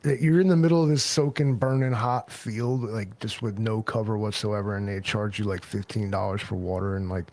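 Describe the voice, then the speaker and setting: A man from New York hosting a livestream on a video call, telling stories in a loose, profane, animated way. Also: lowish voice, normal speed, few pauses. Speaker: livestream host. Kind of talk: casual chat.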